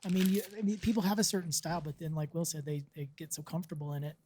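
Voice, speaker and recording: A man's voice: a little high, rapid-fire, mellow, slight background noise. A man co-hosting a casual podcast chat, sharing opinions as he thinks aloud. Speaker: podcast co-host.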